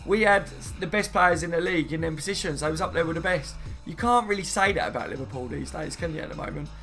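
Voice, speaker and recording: A man's voice: on the high side, quick pace, bright, forceful tone, soft background music. A man chatting casually on a live stream, rambling and reading viewer comments aloud, saying "mate" and "you know what I mean" often. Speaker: football fan streamer.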